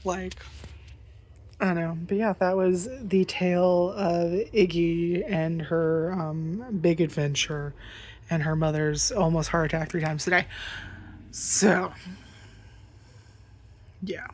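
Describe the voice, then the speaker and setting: Woman vlogger, casual storytime rant, slightly low voice, rambling, freely profane. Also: steady tone, slow, long pauses, darkish tone, slight background noise. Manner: rambling, swears freely, lots of fillers.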